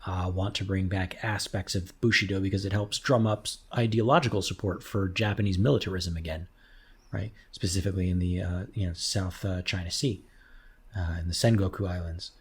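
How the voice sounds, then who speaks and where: A man's voice: low voice, steady tone, fairly quick, husky. A young man co-hosting a history podcast, explaining ideas casually and thinking aloud. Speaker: podcast co-host. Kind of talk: casual chat.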